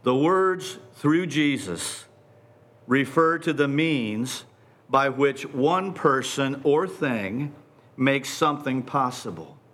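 A man preaching a sermon in a deliberate, emphatic way, repeating phrases for stress. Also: medium pitch, lively intonation, fairly bright tone.

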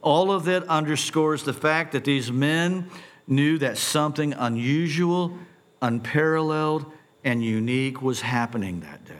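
A middle-aged man preaching a sermon, posing animated rhetorical questions and stumbling over repeated words when excited. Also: a little high, measured pace. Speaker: pastor.

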